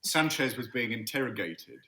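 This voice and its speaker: A British actor guesting on a film podcast, making dry, wry remarks. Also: male voice, mid-range voice, lively intonation, normal speed, pushed and bright. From Britain. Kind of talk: casual podcast chat.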